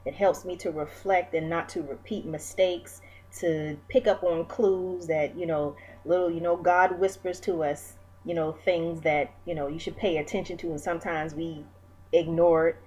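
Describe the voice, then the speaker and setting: A woman's voice: lowish voice, steady tone, moderate pace, a little mellow, slightly rough, poor audio. Candid, encouraging woman in her forties. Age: 40s. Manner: candid, encouraging, lots of fillers. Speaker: vlogger. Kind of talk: reflective personal talk.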